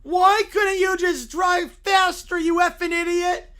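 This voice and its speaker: A man voicing a bratty young boy in a furious tantrum, whining, shouting and tearful as he reads a story in character. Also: extremely high pitch, flat delivery, slow pace, voice pushed up, exaggerated voice. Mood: whiny tantrum. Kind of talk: reading an AI-written story in character.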